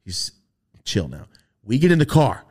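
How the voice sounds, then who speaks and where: Brief: male podcast host, profane storyteller, lively pitch swings, acts out his relatives' voices. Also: a little slow. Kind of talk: casual storytelling.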